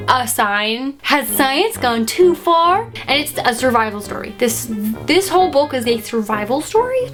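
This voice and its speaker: A woman's voice: high-pitched, fairly bright tone. A woman chatting casually about books in a review vlog, slangy and playful, with lots of "like" fillers. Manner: chatty and slangy, with frequent likes and playful asides. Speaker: book vlogger. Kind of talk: casual book review chat.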